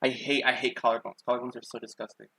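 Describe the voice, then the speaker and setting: A man's voice: mid-range voice, flat delivery, fast talker, gravelly, pushed and bright, dry recording, low-quality recording. A young man streaming while he draws, telling a long story in a loose, rambling way with lots of fillers. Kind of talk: casual chat while drawing.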